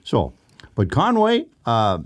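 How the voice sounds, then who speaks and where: A man's voice: mid-range voice, wildly swooping pitch, slow pace. An older man from Canada co-hosting a podcast, telling stories casually with lots of fillers and chuckles. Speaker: podcast co-host. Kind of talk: casual storytelling chat.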